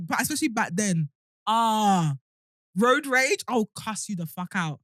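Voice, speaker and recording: A young woman, co-hosting a podcast in casual chat, telling stories in an animated way and swearing freely. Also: medium pitch, measured pace, no room sound, studio quality. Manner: animated storytelling, swears freely, acts out shouting. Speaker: podcast co-host.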